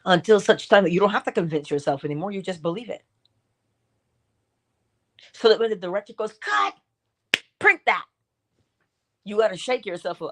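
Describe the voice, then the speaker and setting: A middle-aged woman with a low-pitched voice hosts a morning inspiration stream, delivering a theatrical, insistent spiritual pep talk. She swings between high, acted asides and low, soft remarks, repeating herself, exhorting listeners and drawing out words for emphasis.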